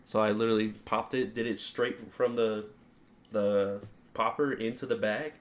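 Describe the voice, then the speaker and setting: Young male co-host, low-ish voice, casual chatty storyteller who acts out his quotes. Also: normal speed. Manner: animated retelling, heavy use of "like", acts out quotes. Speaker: podcast co-host.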